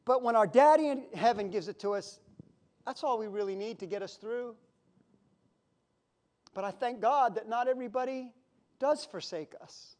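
High-voiced man preaching a sermon. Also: normal speed, pauses often. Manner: conversational and emotional, with sudden loud outbursts. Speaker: pastor.

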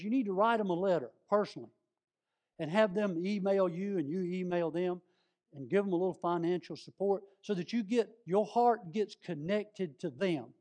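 Here a visiting preacher tells folksy stories from the pulpit of a church sanctuary, talking directly to the people in the pews. His pitch is high, and his tone is a touch mellow.

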